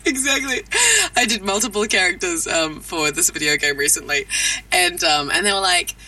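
A woman voice actor in a podcast interview, talking in an animated way with quick asides and frequent laughs. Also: mid-range voice, vocal fry, far from the mic, poor audio.

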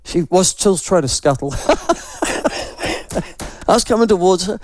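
Older NZ radio host, unwell with flu, fairly high voice, rambling self-deprecating yarns, dry studio sound. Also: male voice, normal speed, pauses often, a little mellow, dry recording. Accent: New Zealand. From New Zealand. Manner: rambling, self-mocking storyteller. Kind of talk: casual morning radio chat.

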